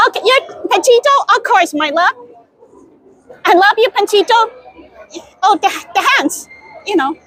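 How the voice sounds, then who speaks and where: A woman's voice: very high-pitched, animated, a little slow, long pauses, a bit bright. A young woman vlogging in a giggly, gushing way. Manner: giggly and gushing, with frequent laughs. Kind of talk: excited theme-park vlog chat. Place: outdoor theme park.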